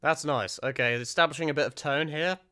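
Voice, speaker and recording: A man rambling excitedly through his reaction commentary, often restarting his sentences. His voice is fairly high and very clear. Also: a little fast. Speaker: reaction video host.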